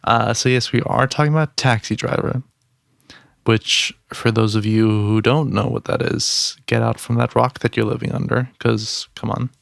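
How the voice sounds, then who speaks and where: An upbeat man with a strongly gravelly voice co-hosts a podcast, teasing his partner and reading through notes. His voice sits at an ordinary pitch and is recorded dry. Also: flat delivery, moderate pace, hardly any pauses, a bit bright, no echo. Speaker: podcast co-host. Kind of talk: casual chat.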